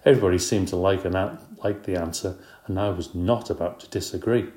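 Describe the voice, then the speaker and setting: A man's voice: low-pitched, fairly quick, dark tone. A man narrating a children's storybook in a wry, playful first-person tone. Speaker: audiobook reader. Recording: roomy echo.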